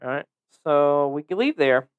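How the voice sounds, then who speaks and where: A man's voice: on the high side, lively intonation, moderate pace, smooth, narrow, tinny audio. A man hosting a podcast, telling a story in a casual, profane, joking way. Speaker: podcast host.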